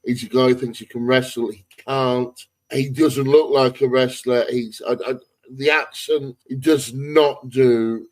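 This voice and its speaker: A man's voice: mid-range voice, steady tone, measured pace, a little mellow, low-quality recording. A man co-hosting a wrestling podcast, giving blunt, rambling opinions in casual chat. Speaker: podcast co-host.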